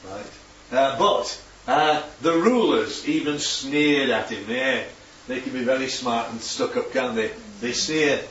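A man's voice: medium pitch, takes it slowly, fairly bright tone. A man giving an informal Bible teaching talk, chatty and full of tag questions. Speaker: preacher teaching from slides. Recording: echoey room, distant dull mic, faint hum.

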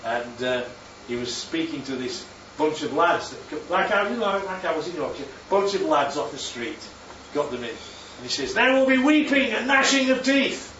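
A man's voice: a little high, expressive, normal speed, few pauses, a bit bright, slight background noise. Northern english preacher guy, jokey and chatty, kinda muffled and roomy like a church recording. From northern England. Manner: chatty, jokey, asks the congregation questions. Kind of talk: sermon. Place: church hall. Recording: echoey church room, distant mic, dull sound.

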